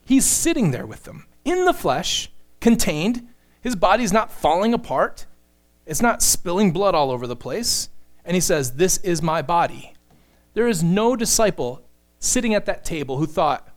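A man's voice: high-pitched, very animated, normal speed. A man preaching a sermon, explaining scripture in an earnest teaching manner and acting out quoted lines. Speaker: pastor.

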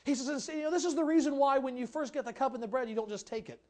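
A pastor preaching a sermon to a congregation, talking in a conversational way with casual asides, reading scripture aloud and building to shouted exhortation. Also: high-pitched, fast talker.

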